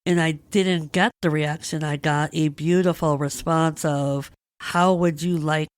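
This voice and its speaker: A woman hosts her podcast with a low voice that sits close and dry. She speaks candidly and with feeling, searching through a personal story. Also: steady tone, a little slow, no echo. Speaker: podcast host. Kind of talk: personal reflective monologue.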